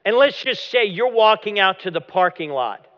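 Guy pastor preaching hard then going quiet, big hall echo, kinda muffled lo-fi. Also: big pitch swings, normal speed. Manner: dramatic preaching, dropping to a low hush at phrase ends. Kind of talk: sermon. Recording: long hall reverb, dull lo-fi sound.

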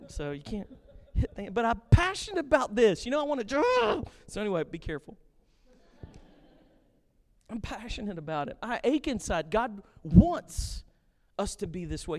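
A pastor preaching a sermon with passion and jokes, animated and lively in his delivery. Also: sits high, normal speed. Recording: long reverb of a hall.

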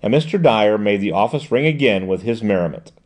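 A man narrating an audiobook in an expressive storytelling way. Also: lowish voice, a little fast. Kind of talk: scripted narration.

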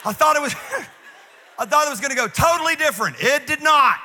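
Animated, high-voiced preacher man. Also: some chatter behind, slight background noise. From North Carolina. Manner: animated, fast, full of asides and laughter. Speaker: pastor. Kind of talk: comedic sermon storytelling.

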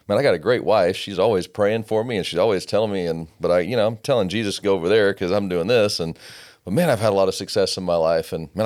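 A man's voice: sits low, a little mellow. A man hosting a casual chat, giving short affirming replies and reflecting on the story he hears.

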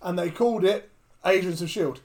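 A man's voice: high voice, moderate pace, over a noisy crowd. A man co-hosting a casual podcast, chiming in with dry jokes. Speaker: podcast co-host. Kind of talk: casual chat.

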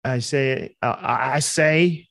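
A man with a medium-pitched voice co-hosts a comedy podcast, talking in a laid-back, playful way. His voice is recorded close and dry, with no room sound. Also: slow, vocal fry, fairly bright tone, no echo. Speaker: podcast co-host. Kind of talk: casual comedic chat.

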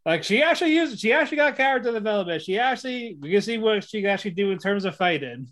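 A man casually recapping an anime episode, excitable, acting out the characters' lines and laughing often. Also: high-pitched, fast. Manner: excitable storytelling, acts out quotes, laughs often. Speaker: podcast co-host reviewing an anime. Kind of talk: casual chat.

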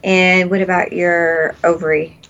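A woman's voice: lowish voice, level tone, measured pace, fairly bright tone, lo-fi sound. A woman leading a guided energy healing session, soothing and repeating breathing cues, laughing often. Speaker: energy healer.

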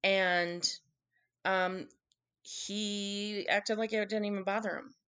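A woman's voice: medium pitch, fairly even intonation, slow, a bit bright, clean tone. Candid woman telling a personal story. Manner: candid, emotional, acts out quotes. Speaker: guest telling her story.

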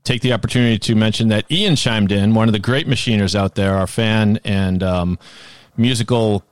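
A man's voice: fairly low pitch, normal speed, clear, resonant tone, no room sound. A man in his fifties co-hosting a podcast in casual, rambling chat, laughing often. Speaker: podcast co-host.

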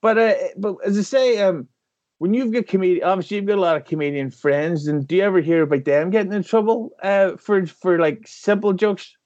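A man chatting casually on a podcast, telling rambling deadpan jokes with lots of fillers. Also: high voice, brisk, muffled recording. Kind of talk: casual comedic chat.

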